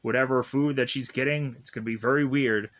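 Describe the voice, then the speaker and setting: A man's voice: mid-range voice, fairly even intonation, a little fast, a bit bright, dull audio. A young man casually recapping a show episode, rambling with lots of "like" fillers and frequent chuckles.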